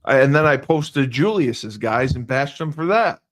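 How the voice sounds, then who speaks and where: A man's voice: mid-range voice, lively intonation, moderate pace. A man, a football coach hosting a casual podcast chat, talking in a rambling, teasing way with many fillers.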